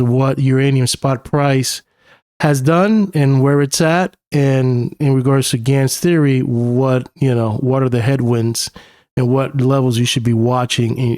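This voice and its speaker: A man's voice: medium pitch, a little mellow, no room sound, clean studio sound. A young man with a New York accent talks casually through market charts as a technical analyst, thinking aloud with plenty of uhs and you-knows. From New York City. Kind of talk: screen-share chart analysis.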